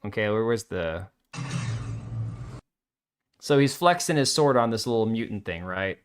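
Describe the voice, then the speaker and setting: A man's voice: lowish voice, lively intonation, a little slow, clear, resonant tone. A man hosting a live show, reading viewer comments aloud and reacting with blunt, sarcastic casual commentary. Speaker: livestream host.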